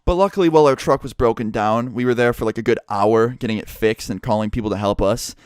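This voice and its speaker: A young man telling a story vlog to his subscribers, animated and profane, swearing freely as he goes. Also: medium pitch, fast, clean tone, no room sound, clean studio sound. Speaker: YouTuber.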